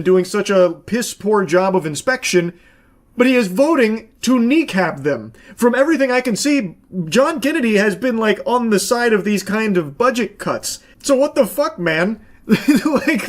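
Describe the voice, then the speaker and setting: A man commentating casually on a clip he pauses, with sarcastic, profane, exasperated rants. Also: high voice.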